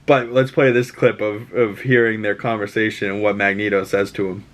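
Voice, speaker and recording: A man's voice: fairly low pitch, flat delivery, normal speed, background noise. A man with a Boston accent hosting a podcast, recapping an episode casually, rambling, swearing and acting out characters' lines. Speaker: podcast host.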